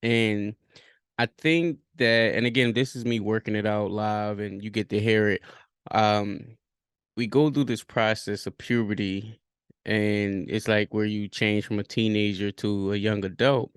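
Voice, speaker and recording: A man talks through a reflective solo podcast, pausing on fillers and restarting sentences as he thinks aloud. His voice sits on the low side and comes across smooth and resonant. The sound is dry and close, with no room around it. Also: little pitch movement, no echo. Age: 30s. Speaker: podcast host.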